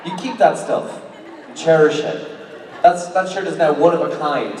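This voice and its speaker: A man's voice: fairly high pitch, unhurried, noisy background. A man on a convention panel telling playful, swearing stories as an actor. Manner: playful, swearing, laughing storyteller. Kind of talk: casual panel storytelling. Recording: echoey hall recorded from far off with crowd.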